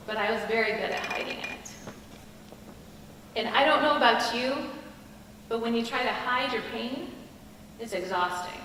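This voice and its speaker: A middle-aged woman giving an earnest, confiding personal testimony as a chapel speaker, with pauses and restarts. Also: a little high, sharp tone, a little hiss or hum. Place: school chapel hall. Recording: echoey hall from a distant mic.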